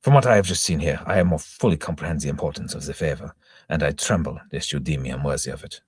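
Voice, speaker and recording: A man's voice: a bass voice, fast talker, husky, dry recording, studio quality. A man voicing an eager, earnest young male recruit who makes a pleading request.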